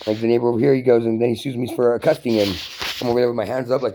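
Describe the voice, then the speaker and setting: A man's voice: medium pitch, steady tone, very fast, dark tone. A man delivering a profane, emphatic, run-on rant to camera. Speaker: vlogger. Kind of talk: casual ranting monologue.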